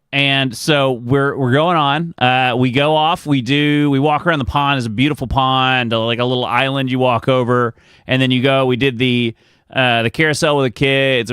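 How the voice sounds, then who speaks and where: A man's voice: mid-range voice, a bit bright, clear, resonant tone, no room sound, clean studio sound. A man streaming live, chatting casually with viewers and telling rambling stories about his family with frequent chuckles. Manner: rambling storyteller, chuckles often.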